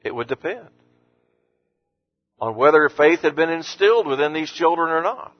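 A man with a notably high voice preaches a sermon in an earnest, pressing way. His tone climbs to emphatic force on the scripture he quotes. The recording sounds dull and lo-fi. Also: expressive, moderate pace. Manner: earnest, rising to emphatic when quoting Jesus. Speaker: pastor.

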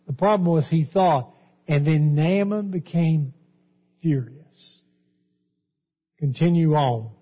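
A man preaching a sermon, reading Bible verses and explaining them in an emphatic, deliberate way. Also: on the high side, slightly rough. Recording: dull, echoey hall.

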